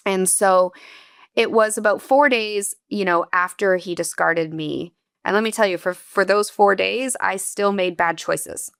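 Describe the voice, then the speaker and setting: A woman's voice: medium pitch, unhurried, creaky, clean tone, no echo, studio quality. A woman guest on an interview podcast, earnestly and candidly telling a personal story in a reflective, emotional way.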